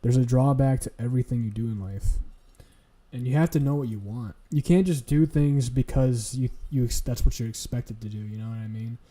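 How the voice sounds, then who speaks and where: Very dark-voiced man ranting bluntly. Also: medium pitch, fairly quick. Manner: profane, blunt, lecturing. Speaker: streamer. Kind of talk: casual ranting stream talk.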